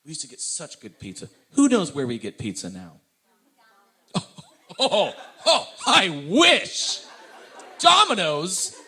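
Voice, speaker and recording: A man performing stand-up comedy in an animated, self-mocking way, speaking straight to the audience. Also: sits high, takes it slowly, vocal fry, long pauses.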